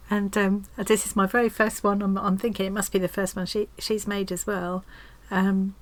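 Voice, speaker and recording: A woman vlogger chatting casually at home as she opens a craft swap parcel, gushing and excitable, with frequent restarts. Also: medium pitch, normal speed, few pauses, low-quality recording. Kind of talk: casual unboxing chat.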